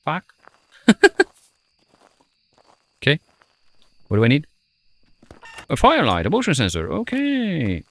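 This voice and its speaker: A man's voice: on the high side, wildly swooping pitch, moderate pace, pauses often, a bit bright. A man giving casual gameplay commentary as a streamer, playful and self-mocking, muttering to himself as he plays. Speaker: streamer playing a ghost-hunting game. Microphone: headset.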